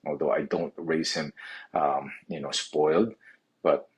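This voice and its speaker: A middle-aged man from the Philippines telling his life story, halting and restarting often. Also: a bass voice, fairly even intonation, husky. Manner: halting, many restarts and "you know" fillers. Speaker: physical therapy clinic owner. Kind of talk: personal story monologue.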